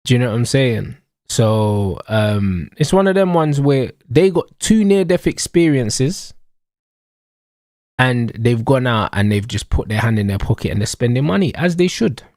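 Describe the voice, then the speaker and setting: A young London man rants casually about football on a live stream, packing his talk with slang and repeated catchphrases in a slangy, emphatic, repetitive way. His medium-pitched, darkish voice is animated yet measured in pace. The recording is clean studio sound with no room sound.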